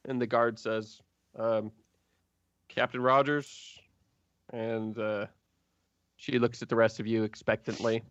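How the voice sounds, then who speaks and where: A man's voice: on the low side, monotone, measured pace, clean tone, no room sound. A man narrating a tabletop game as game master, loose and chatty, laughing often, in a dull, dry recording.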